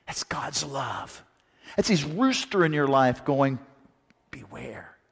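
A man preaching a sermon, animated, asking rhetorical questions and acting out the quotes he tells. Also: on the high side, slow, slightly rough. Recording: long reverb of a large hall.

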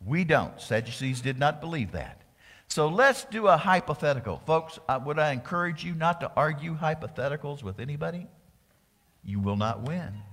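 A man preaching a sermon as pastor, animated, acting out the voices of the people in his story. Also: on the high side, in a large hall. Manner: animated preaching, acts out voices of crowds and priests.

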